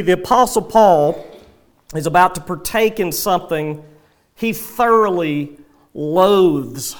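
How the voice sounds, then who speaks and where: Slow, high-voiced male preacher. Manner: measured, emphatic preaching with scripture reading. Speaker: pastor. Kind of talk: expository sermon.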